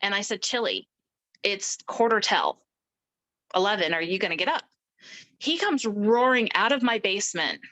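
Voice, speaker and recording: A middle-aged woman telling her personal story as an interview guest, animated and acting out the voices of people she quotes. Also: mid-range voice, moderate pace, low-quality recording. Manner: animated, acts out quoted speech.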